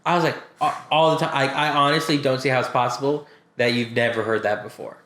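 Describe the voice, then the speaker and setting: Guy on a podcast chatting, echoey room, jumps way up in pitch when he acts out what people said. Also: fast talker. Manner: animated storytelling, acts out quotes with big pitch jumps. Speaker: podcast co-host. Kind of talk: casual chat.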